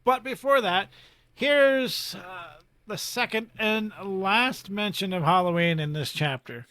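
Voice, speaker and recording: A man co-hosting a casual book discussion podcast, retelling the story in a quick, joking way. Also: sits high, sharp tone, no echo. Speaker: podcast co-host.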